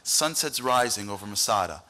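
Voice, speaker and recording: Bright-voiced man telling a story. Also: on the low side, moderate pace. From United States. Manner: animated, acts out quoted voices. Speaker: dinner speaker. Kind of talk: storytelling speech. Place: banquet hall event.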